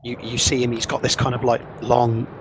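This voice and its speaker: A man narrates a tabletop role-playing session as game master in an easy, conversational way. His voice sits at a middle pitch, and clear background noise runs under the home recording. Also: a little fast. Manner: relaxed, conversational, with fillers. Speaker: dungeon master.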